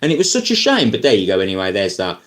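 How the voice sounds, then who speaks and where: A man ranting casually about films as a YouTuber, rambling and animated, full of fillers and asides. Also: lowish voice, quick pace. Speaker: YouTuber film reviewer. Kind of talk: casual opinion rant.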